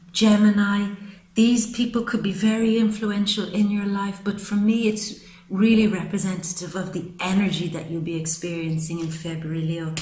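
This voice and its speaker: A woman's voice: medium pitch, darkish tone, reverberant, a little hiss or hum, rough recording. A woman giving a monthly tarot reading to camera, talking to her viewers in an affectionate, gushing way. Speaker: tarot reader.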